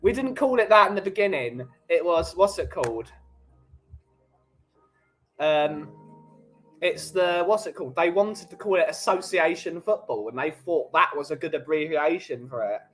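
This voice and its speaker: A man with a London English accent, hosting a relaxed coffee chat stream and bantering jokily with his live chat. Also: fairly high pitch, normal speed, faint music behind, rough recording. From England. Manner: jokey, rambling banter.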